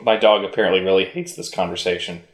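A man's voice: sits low, fairly even intonation, quick pace. A man co-hosting a casual chat in a laid-back, wry way, swearing casually. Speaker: podcast co-host. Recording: roomy echo.

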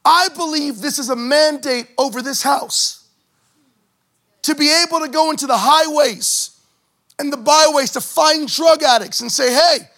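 High, bright-voiced male pastor preaching. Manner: animated preaching, acting out Bible scenes with shouts and joking asides. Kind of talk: sermon.

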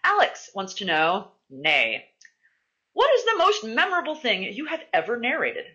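A woman's voice: a little high, moderate pace. A woman hosting a podcast, chatting casually and swearing freely as she tells stories. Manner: animated, swearing, laughing storyteller. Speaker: podcast host. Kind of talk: casual chat. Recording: dull lo-fi podcast audio.

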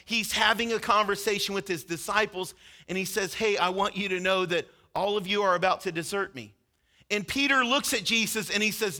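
High, bright-voiced man preaching a sermon. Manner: earnest storytelling, acting out quoted lines with rising intensity. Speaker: pastor.

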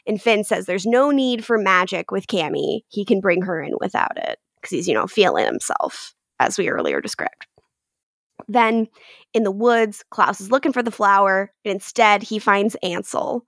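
A woman co-hosting a podcast, recapping an episode in casual chat, often laughing and acting out quick quotes from the characters. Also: medium pitch, animated, vocal fry, fairly bright tone, dry recording, clean studio sound. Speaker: podcast co-host.

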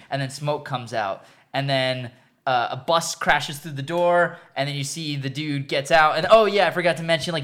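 A young man chatting casually with friends, retelling a film in a loose, slangy ramble. He keeps restarting his sentences. His voice is bright, tense and a touch high. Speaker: storyteller among friends. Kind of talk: casual chat, retelling a movie.

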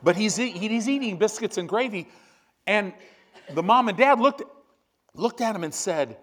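Animated male preacher telling a story. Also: moderate pace. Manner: storytelling, swings from loud animated bursts to low quiet emphasis. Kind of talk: sermon.

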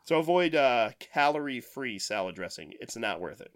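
A man in casual conversation, telling animated anecdotes and voicing the people in them. His pitch sits mid-range but swings up and down with plenty of life. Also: moderate pace. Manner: animated storyteller, acts out quotes. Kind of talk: casual chat.

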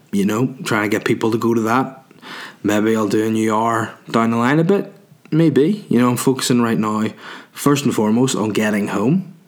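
A man with a Northern Irish accent, a stand-up comedian alone in a small room, chatting solo in a rambling, sweary way full of "you know". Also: lowish voice. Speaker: stand-up comedian and podcast host. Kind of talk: solo casual chat.

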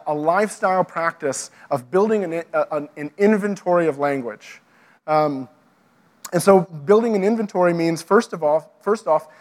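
A man with a somewhat high voice lectures ministry leaders in an earnest, practical way. He often restarts his phrases and pads them with fillers as he works through his points. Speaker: teacher of pastors and worship leaders.

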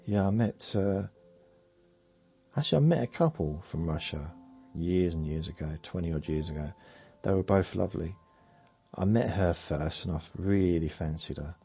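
A man, rambling slowly through a meandering bedtime monologue with muttered asides that trail off. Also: sits low, animated, creaky, warm tone, slightly rough, faint music behind. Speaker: sleep podcast host.

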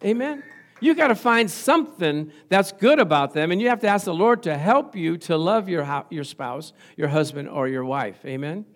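A man's voice: fairly high pitch, moderate pace. A man in his sixties preaching a sermon in church, telling funny stories about his marriage, laughing often and calling out "Amen?" to the congregation. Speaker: pastor. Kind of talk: humorous sermon.

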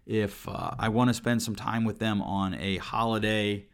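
A middle-aged solo podcast host talks earnestly and reflectively at a desk microphone in his home computer setup. His voice is on the low side, clear and resonant, with little pitch movement and a moderate pace, and he keeps restarting and repeating words.

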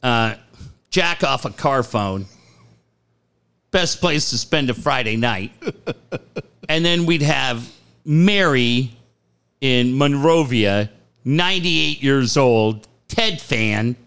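A man hosting a sports radio show, telling profane, animated stories and laughing often. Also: mid-range voice, slow, vocal fry, pauses often, clean tone. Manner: profane, animated storyteller who laughs a lot. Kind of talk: casual sports radio banter.

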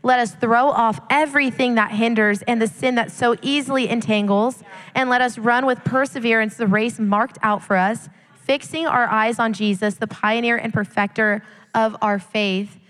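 A woman's voice: a little high, steady tone, normal speed, a bit bright. A woman youth leader sharing passionately and emphatically on a live church panel. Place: church sanctuary, live service. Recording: long church hall reverb.

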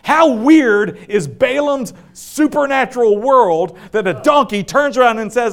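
A man with a high voice preaches a sermon in a loose, conversational way. He tells the story with joking asides and easy laughter, then drops low and slow for the scripture readings. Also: sing-song.

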